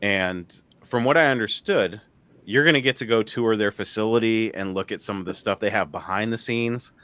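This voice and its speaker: Male host, low voice, loose rambling chat, laughs often. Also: moderate pace, bright, forceful tone, clear, resonant tone, no echo. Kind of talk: casual live-stream chat.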